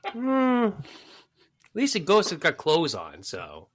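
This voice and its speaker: A male co-host cuts in with blunt, swearing remarks. His voice is high and swings widely. The tone is bright and sharp. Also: wildly swooping pitch, slow. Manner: blunt, profane interjections. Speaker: podcast co-host. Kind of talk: casual chat.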